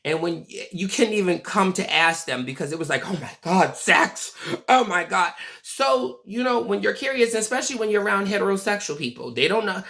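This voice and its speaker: Vlogger in their forties, casual monologue, foul-mouthed and blunt; raspy, creaky edge. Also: medium pitch, a little fast, few pauses. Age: 40s. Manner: blunt, profane, animated storytelling.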